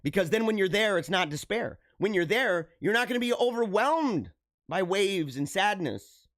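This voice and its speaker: A middle-aged man hosting a live show, talking earnestly and haltingly to his viewers, often repeating himself and restarting phrases. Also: high voice, animated, fairly bright tone, no room sound, clean studio sound. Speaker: livestream show host. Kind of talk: emotional personal monologue to viewers.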